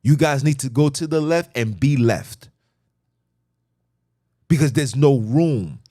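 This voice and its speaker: A man's voice: mid-range voice, animated, slow, dark tone. A middle-aged man hosting a podcast, delivering an emphatic, repetitive, lecturing monologue. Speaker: podcast host. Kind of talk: preachy monologue.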